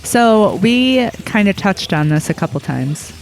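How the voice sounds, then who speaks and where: Slow, hesitant podcast co-host. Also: mid-range voice, lively intonation, a little hiss or hum, low-quality recording. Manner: thoughtful, hesitant, with fillers. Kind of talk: casual chat.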